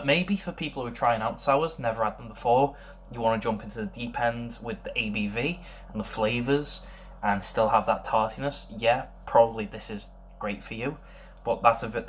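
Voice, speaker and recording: A young man giving a casual beer tasting review, thinking aloud and rambling with many pauses. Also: on the low side, a little hiss or hum.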